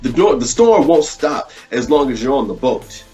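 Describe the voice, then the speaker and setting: A man's voice: medium pitch, sing-song, normal speed, dark tone, slightly rough, dull audio, faint music behind. A man hosting a live online show who delivers a short sermon, speaking casually with fillers and building into preacherly rhetorical questions. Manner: preacherly, repetitive rhetorical questions, rising intensity; casual, many fillers and restarts. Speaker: host.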